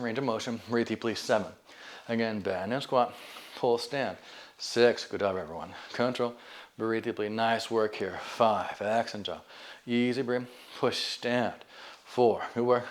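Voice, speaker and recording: A man leading a stretch band exercise class, calmly counting down reps and cueing deep breaths. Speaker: fitness instructor. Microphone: camera mic.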